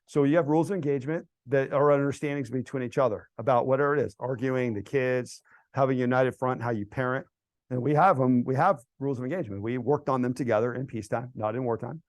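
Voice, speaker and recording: A middle-aged American man speaking casually to a church group, telling stories that build to loud, animated outbursts. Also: medium pitch, dry recording. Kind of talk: casual storytelling talk to a group. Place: church hall event.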